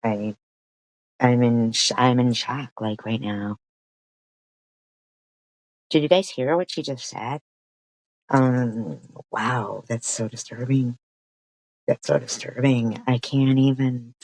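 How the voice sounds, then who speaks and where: A woman's voice: extremely low pitch, slow pace, pauses often, darkish tone, no room sound, poor audio. A woman streamer giving reaction commentary, stammering, repeating herself and swearing in outrage.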